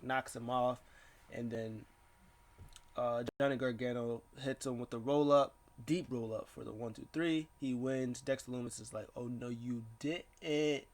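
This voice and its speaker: A man giving a casual, rambling rundown of wrestling matches, excitable and quick to put on voices for the people he quotes. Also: medium pitch. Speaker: wrestling recap vlogger.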